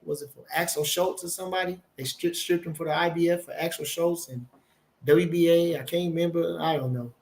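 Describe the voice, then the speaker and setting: High-voiced swearing boxing talker. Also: male voice, fairly even intonation, fairly quick, vocal fry. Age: older. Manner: swearing, rambling, emphatic, reads chat aloud. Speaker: boxing channel host. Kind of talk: casual live-stream commentary.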